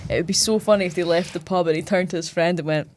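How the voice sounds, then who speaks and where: A woman's voice: lowish voice, fast talker, heavy background noise. A woman co-hosting a film podcast, giggling as she chats. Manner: giggly, laughs through her lines. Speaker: podcast co-host. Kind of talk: casual film chat.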